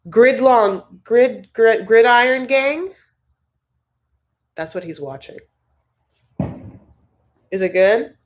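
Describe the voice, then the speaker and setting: A woman's voice: on the high side, expressive, takes it slowly, pauses often. A young woman hosting a casual live-stream chat from home, rambling through her thoughts and reading viewer comments aloud. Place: home, Los Angeles.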